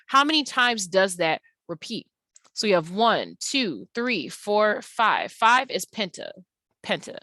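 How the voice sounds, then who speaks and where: A woman English tutor giving an online lesson, explaining patiently and stretching words out slowly to show how they sound. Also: mid-range voice, bright, forceful tone, no echo.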